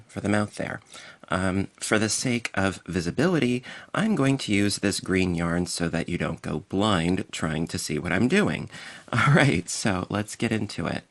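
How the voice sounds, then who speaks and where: A man with a low, gravelly voice walks viewers through a crochet project. He speaks slowly and casually, slipping in little jokes as he demonstrates. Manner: playful, jokey, talks to viewers while demonstrating. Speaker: crochet tutorial host. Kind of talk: casual tutorial instruction.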